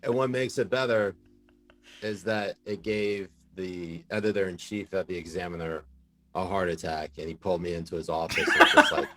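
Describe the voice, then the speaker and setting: A man's voice: deep voice, normal speed, background noise. A man in a casual podcast interview, telling stories with lots of fillers and bursts of laughter. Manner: animated, laughing storyteller with many fillers. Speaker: podcast guest, journalist.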